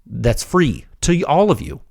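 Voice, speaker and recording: A man hosting a technical podcast, talking in an emphatic, animated way and often calling listeners dude. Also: medium pitch, normal speed, gravelly, no room sound, clean studio sound. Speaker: podcast host. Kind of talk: excited technical podcast talk.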